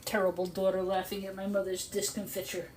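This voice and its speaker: Speaking a little fast at medium pitch, the older woman hosting this live stream tells a long, casual story while working. She's talkative, laughs often, and enlivens her quotes of others. Clicks and background noise can be heard in the clear audio.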